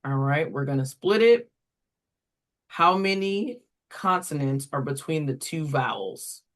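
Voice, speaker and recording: A reading program instructor giving a walkthrough to tutors, deliberately sounding words out syllable by syllable. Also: medium pitch, lively intonation, fairly bright tone.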